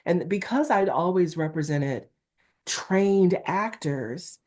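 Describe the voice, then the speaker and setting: A middle-aged woman from Newark speaks as an interview guest. Her voice sits low and mellow, yet she has a Valley-girl-like lilt. She talks in an animated, emphatic way. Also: slow. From Newark, New Jersey, USA. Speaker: talent agent guest. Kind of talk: candid interview conversation.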